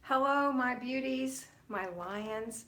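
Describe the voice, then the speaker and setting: A woman's voice: sits high, takes it slowly. Woman livestream host greeting viewers. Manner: warm, affectionate greetings to viewers by name. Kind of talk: casual live-stream chat.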